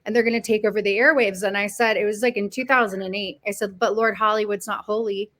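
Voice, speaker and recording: A woman's voice: medium pitch, fairly even intonation, fast, a bit bright. Fervent woman podcast host. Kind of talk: casual podcast interview talk.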